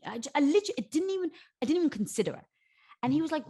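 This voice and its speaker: A woman speaking as a podcast guest, bubbly and quick to laugh, moving from excited squeals to low, earnest explanation. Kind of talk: animated interview conversation.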